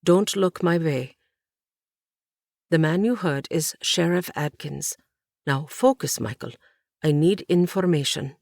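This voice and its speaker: Casting: woman reading a steady protective man, low and unhurried, dry close sound. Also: gravelly, dry recording, heavily acted. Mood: tense. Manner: firm, low-key instructions. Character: steady, protective grown man, calm under pressure.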